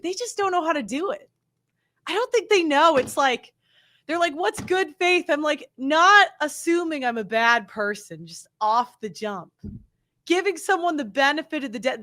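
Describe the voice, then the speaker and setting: A woman's voice: high voice, sharp tone, dry recording. A young woman hosting her own show, talking in an indignant, defensive monologue full of "like" and "you know", acting out the people she quotes. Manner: mimics others in quoted lines. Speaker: show host. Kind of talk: opinionated monologue to camera.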